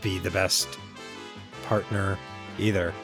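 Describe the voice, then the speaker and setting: A man's voice: low-pitched, flat delivery, takes it slowly, music in the background. A man hosting a podcast in casual chat, laid-back and rambling as he wraps up the show. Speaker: podcast host.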